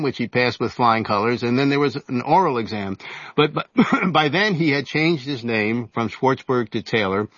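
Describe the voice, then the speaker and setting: A man in his seventies, an author and journalist giving an interview, telling stories in a halting way full of fillers and restarts. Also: mid-range voice, a bit bright, no room sound, lo-fi sound. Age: 70s. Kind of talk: casual storytelling interview.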